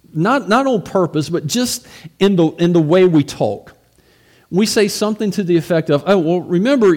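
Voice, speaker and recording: A man's voice: fairly high pitch, a little mellow. A man, a pastor, preaching a sermon in a conversational way, asking rhetorical questions and often repeating words as he goes.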